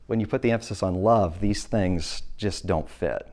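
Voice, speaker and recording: Male church speaker, slightly low pitch, earnest and direct, restarts sentences often. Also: moderate pace, hardly any pauses, a little mellow. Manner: earnest, plainspoken, frequent self-corrections. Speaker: speaker at a church talk on abuse. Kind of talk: presentation with audience Q&A.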